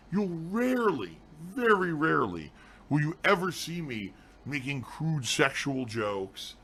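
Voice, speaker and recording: A man's voice: medium pitch, a bit bright, breathy edge. Sarcastic ranting male streamer. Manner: sarcastic, defensive. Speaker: game streamer. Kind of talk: live stream rant.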